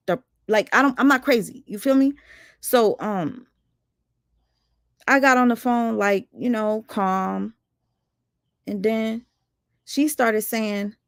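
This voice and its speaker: A woman's voice: fairly high pitch, no echo, clean studio sound. Indignant woman venting on a livestream. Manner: animated, indignant, addresses viewers directly. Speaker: livestream host. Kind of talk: casual livestream storytime.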